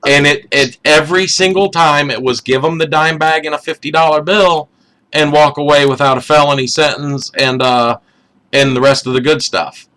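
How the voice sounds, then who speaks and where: A man's voice: a little high, steady tone, normal speed, fairly bright tone. A man on a podcast chatting casually, with many hesitant fillers and wry asides. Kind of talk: casual chat.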